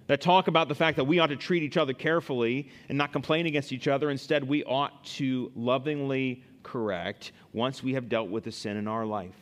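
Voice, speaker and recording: A middle-aged male pastor preaching a sermon, animated, rising loud for emphasis and acting out scoffing listeners. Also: medium pitch.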